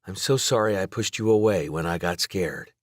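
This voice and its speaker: A man voicing an earnest, emotional young woman, raising his pitch for her. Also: moderate pace, no echo, studio quality. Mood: tearful. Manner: high, trembling when emotional.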